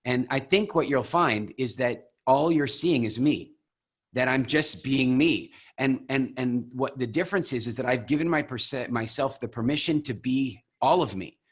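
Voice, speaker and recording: A man leading a coaching call over video, telling stories with animated, expressive delivery. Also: mid-range voice, normal speed, slightly rough. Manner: animated, expressive storyteller who acts out examples. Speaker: program founder coaching coaches.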